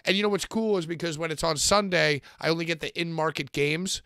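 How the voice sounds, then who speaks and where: A man co-hosting a casual podcast chat, loud and joking, swearing freely as he banters. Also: a little high, a little fast, clean tone, dry recording, clean studio sound. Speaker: podcast co-host.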